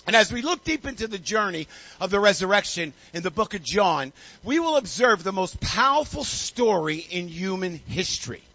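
A male pastor preaching a sermon with call-and-response, building up to shouting. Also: sits high, very animated, moderate pace, highs cut off.

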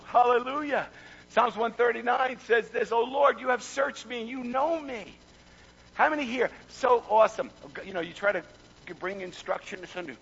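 A man preaching a fervent sermon, repeating words and building to shouts. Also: high-pitched, moderate pace, breathy edge, muffled recording. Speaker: pastor.

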